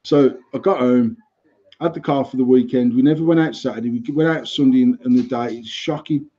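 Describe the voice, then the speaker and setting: A British man in his thirties tells a heated story on his podcast, swearing freely and getting animated. His voice is mellow and husky, sitting a bit high. The recording is dull and lo-fi. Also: fairly quick. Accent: British English. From United Kingdom. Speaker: podcast host. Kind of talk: casual chat, ranting anecdote. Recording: slightly muffled lo-fi recording.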